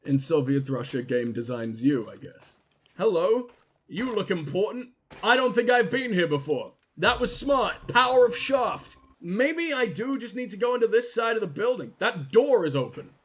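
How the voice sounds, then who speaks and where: A gaming video host delivers crude, sarcastic, profane let's-play commentary, often talking back to the characters on screen. His voice is high-pitched with a breathy edge and lively intonation, at a moderate pace.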